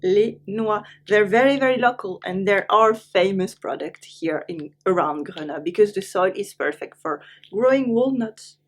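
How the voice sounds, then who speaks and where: A woman with a French accent teaching French, saying each word twice slowly and then translating it into English. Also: medium pitch. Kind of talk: online language lesson.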